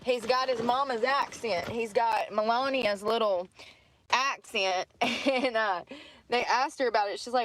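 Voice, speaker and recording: A woman's voice: on the high side, unhurried, fairly bright tone, no room sound. A woman vlogging casually, rambling through asides and laughing often. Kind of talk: casual chat to camera.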